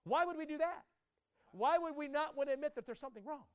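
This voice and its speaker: A man preaching a sermon to his congregation, emphatic and direct, often repeating his words and rising to loud climaxes. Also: very high-pitched, quick pace, a little hiss or hum. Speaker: pastor.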